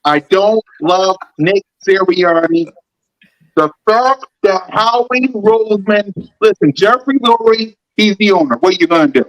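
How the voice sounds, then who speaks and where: A man's voice: sits high, lively intonation, measured pace, low-quality recording. A man hosting a fan sports talk show, ranting in a heated, mocking way and repeating lines for emphasis.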